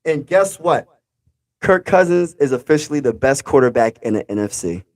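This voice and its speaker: A man's voice: mid-range voice, moderate pace, heavy background noise. A man hosting a live sports fan stream, ranting in a casual, emphatic way and repeating his points. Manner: animated, emphatic, repeats phrases. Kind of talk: casual fan livestream rant.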